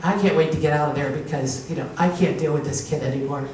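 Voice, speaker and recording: In a low, steady voice, a woman from Pennsylvania talks fast through a stand-up set, with crowd noise around her. She tells stories, acts out the voices of the people in them, and laughs at her own punchlines at a live comedy show. The sound comes from far off in an echoey hall, with faint noise.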